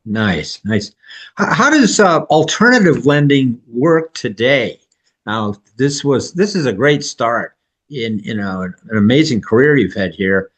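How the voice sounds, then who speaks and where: A man's voice: mid-range voice, big pitch swings, a little slow, fairly bright tone. A man hosting a podcast, giving short nods of agreement and then asking his guest a question. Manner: brief affirmations while listening. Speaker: podcast host. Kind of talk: interview.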